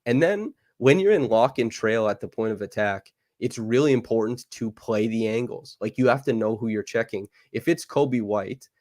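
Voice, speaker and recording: A man's voice: mid-range voice, expressive, darkish tone, no room sound. A man hosting a live podcast, giving an eager, detailed basketball breakdown full of casual fillers. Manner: fast, enthusiastic breakdown with fillers. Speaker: podcast host. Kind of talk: casual basketball analysis chat.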